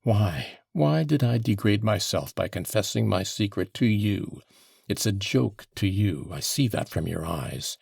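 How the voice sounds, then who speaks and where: A man reading an audiobook, voicing an agitated young former soldier under questioning who turns defensive and bursts out loudly. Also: lowish voice, animated, measured pace, vocal fry, slightly rough, no room sound, clean studio sound, heavily acted. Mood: despairing. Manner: defensive, flaring into loud outbursts.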